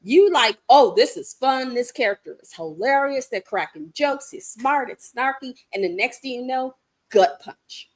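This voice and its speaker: A woman co-hosting a casual chat, animated and laughing often. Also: high voice, normal speed. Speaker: co-host.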